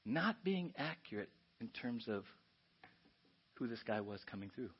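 A man preaching a sermon as pastor, animated and often asking the congregation "right?". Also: medium pitch, a little slow, husky. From United States. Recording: dull lo-fi church audio.

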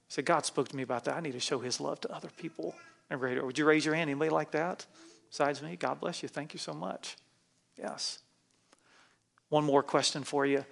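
A man's voice: on the high side, vocal fry, a bit bright. A man, a pastor, preaching a sermon in a church and leading the congregation in call-and-response. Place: church sanctuary.

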